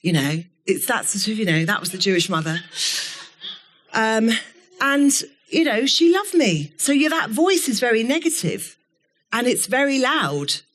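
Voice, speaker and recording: A middle-aged woman giving a keynote talk to a live audience, telling stories in a candid, animated way and swearing now and then. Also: on the high side, a little slow. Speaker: keynote speaker. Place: event studio before an audience.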